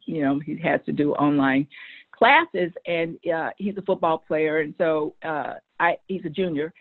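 A middle-aged woman is a guest on a show, recounting a family story with animated energy. She often stumbles over the first words of a sentence, repeating them before carrying on. Her voice comes through a thin, phone-like line. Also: medium pitch. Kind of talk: conversational storytelling.

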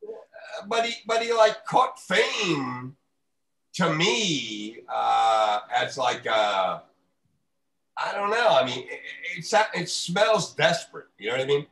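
A man's voice: on the high side, big pitch swings, a little slow, vocal fry, a bit bright. A man ranting profanely in a casual podcast chat. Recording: roomy echo.

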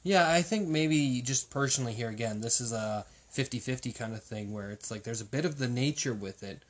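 A man's voice: mid-range voice, brisk. A man chatting casually as a podcast co-host, telling digressive stories with lots of fillers. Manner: rambling, digressive storytelling with many fillers. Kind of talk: casual conversational chat.

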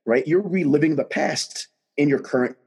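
A man, a guest telling his story in casual conversation, animated and emphatic. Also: fairly high pitch, normal speed, slightly rough.

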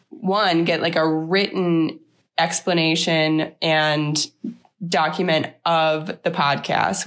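Podcast co-host, woman, somewhat low voice, husky morning throat, brisk upbeat announcer. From Chicago area. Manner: upbeat, reads announcements and listener mail. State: morning voice with a slight sore throat. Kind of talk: casual podcast chat.

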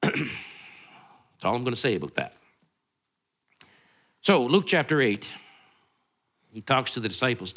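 Animated preacher. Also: male voice, mid-range voice, moderate pace, pauses often. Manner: conversational, rambling with restarts and asides. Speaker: pastor. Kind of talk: sermon.

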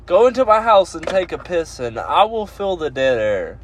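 A man's voice: on the high side, very animated, moderate pace, slight background noise. A man hosting a podcast in casual chat from a parked car, rowdy and profane, laughing often. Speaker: podcast host.

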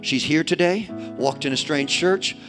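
Fiery high-voiced evangelist man. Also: unhurried, over music. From inner-city St. Louis, USA. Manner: swings from quiet asides to shouted exhortation, folksy. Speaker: evangelist preacher. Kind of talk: fiery sermon. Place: church service with congregation.

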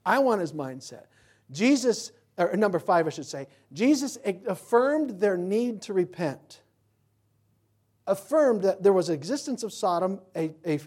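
A man pastor preaching a sermon emphatically, asking rhetorical questions and swinging between loud and quiet delivery. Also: sits high.

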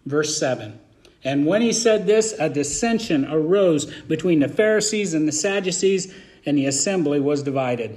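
A man preaching a verse-by-verse sermon as a pastor, talking in an animated, colloquial and emphatic way. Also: fairly high pitch, moderate pace.

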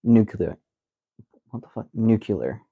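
A man's voice: lowish voice, lively intonation, takes it slowly, vocal fry, slightly rough, narrow, tinny audio. A man co-hosting a casual podcast chat, playfully drawing out and enunciating words. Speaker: podcast co-host.

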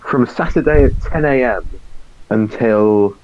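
A man's voice: mid-range voice, a little slow, darkish tone, muffled recording, slight background noise. A man co-hosting a casual podcast, mumbling and self-deprecating, trailing off as he talks. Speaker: podcast co-host. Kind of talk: casual banter, reading out a message.

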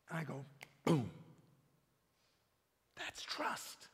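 Animated pastor preaching in a reverberant hall. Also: male voice, a little high, slow, creaky, long pauses, husky. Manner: animated, repeats words, builds to emphatic bursts. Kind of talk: sermon and prayer.

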